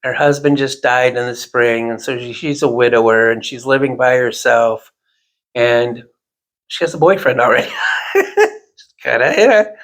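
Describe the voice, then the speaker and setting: A man unspools a meandering everyday story in relaxed conversation, poking fun at himself along the way. His voice carries a gravelly rasp at a medium pitch. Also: a little slow, pauses often. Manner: rambling, animated anecdote with self-deprecating asides. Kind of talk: casual storytelling chat.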